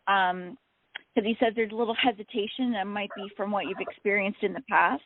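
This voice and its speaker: Gentle woman medium on a tinny line. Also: medium pitch, fairly even intonation, a little fast, dry recording. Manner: gentle, reassuring, repeats phrases. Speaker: psychic medium co-host. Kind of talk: relaying spirit messages on a call-in radio show. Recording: tinny phone-line sound, dry.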